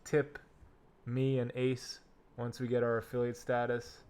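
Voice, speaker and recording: A man's voice: medium pitch, monotone, a little slow, darkish tone, smooth. A young man hosting a crypto livestream, trading laid-back jokes in casual banter. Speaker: crypto streamer, host. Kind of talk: casual stream chat.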